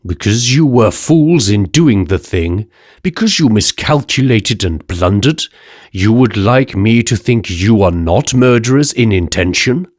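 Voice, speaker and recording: An indignant older scientist, as a male audiobook reader plays him lashes out with scorn. The voice is low-pitched and the recording is dry and close. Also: lively intonation, measured pace, dry recording. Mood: scornful.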